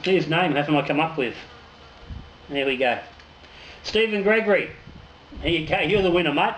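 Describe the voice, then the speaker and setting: A man's voice: on the high side, normal speed, a bit bright. A man, a home brewer hosting his own channel, drawing raffle winners and chatting casually, joking and swearing freely. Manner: jokey, swears casually, trails off and restarts. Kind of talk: casual raffle draw and brewing chat. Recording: echoey room with noticeable noise.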